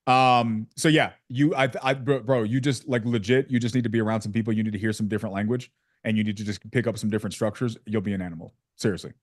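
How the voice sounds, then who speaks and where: A man's voice: on the low side, fairly even intonation, fast talker, no echo, clean studio sound. A man hosting a sales community on a video call, joking and slangy with lots of fillers. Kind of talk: casual coaching chat on a video call.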